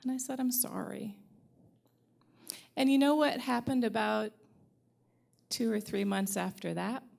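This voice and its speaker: A woman's voice: on the high side, moderate pace, creaky, a little mellow. A middle-aged woman from the Upper Midwest, telling a personal story at a live storytelling event in a wry, candid way and swearing freely.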